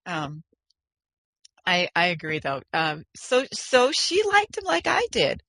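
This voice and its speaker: Woman co-host, playful and laughing, bright tone, dry sound. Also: fairly low pitch, huge pitch swings, takes it slowly, no room sound, poor audio. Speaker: podcast co-host. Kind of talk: casual chat, reading listener mail.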